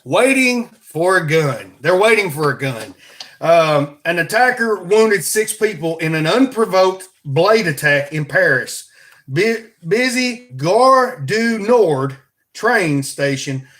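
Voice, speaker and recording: Alabama guy rambling on his podcast, folksy and jokey, voice sits a bit high. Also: animated, takes it slowly, a bit bright. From Alabama, USA. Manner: folksy, joking, plugs merch. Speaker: podcast host. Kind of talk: casual rambling monologue.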